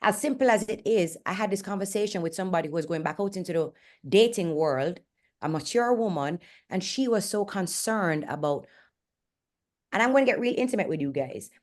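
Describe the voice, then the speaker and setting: A woman's voice: medium pitch, lively intonation, a little fast. A Jamaican woman in her forties hosting a candid motivational talk, frank and earnest and speaking bluntly. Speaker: host and fitness coach.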